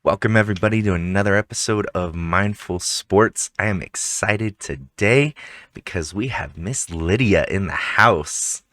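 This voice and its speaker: Deep, bright-toned male podcast host. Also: unhurried, no echo. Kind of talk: casual interview.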